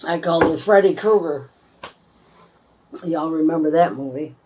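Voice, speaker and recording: Talking to the camera over some background noise, this homesteading vlogger has a low voice and speaks at normal speed. She's an American woman in her fifties with a Michigan accent, rambling casually and folksily about life on her homestead.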